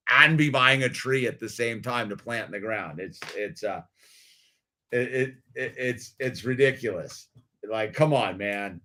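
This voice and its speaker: A man's voice: mid-range voice, unhurried, fairly bright tone. A middle-aged man telling a rambling story in laid-back slang, calling everyone dude and laughing often. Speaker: video creator.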